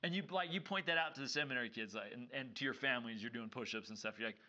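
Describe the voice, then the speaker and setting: A man's voice: medium pitch, rapid-fire, highs cut off. A man co-hosting a casual scripture discussion, a seminary teacher who acts out the voices in the stories he tells. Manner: animated storyteller who acts out dialogue. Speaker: podcast co-host and seminary teacher.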